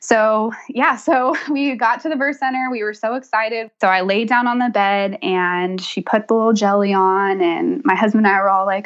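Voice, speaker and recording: A woman's voice: mid-range voice, fairly even intonation, moderate pace, a bit bright, muffled recording. A young woman telling her birth story as a podcast guest, chatty and laughing often. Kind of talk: casual interview storytelling.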